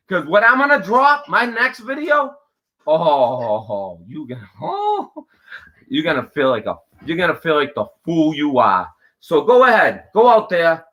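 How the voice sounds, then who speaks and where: A man's voice: a little high, wildly swooping pitch, unhurried, bright, forceful tone, low-quality recording. A male livestream host delivering an angry, profane, confrontational rant straight at a viewer.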